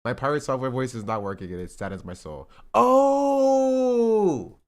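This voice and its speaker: A man's voice: fairly low pitch, fast talker, fairly bright tone. A male streamer chatting casually and joking with his chat while testing his audio setup. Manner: rambling, joking, testing his mic aloud.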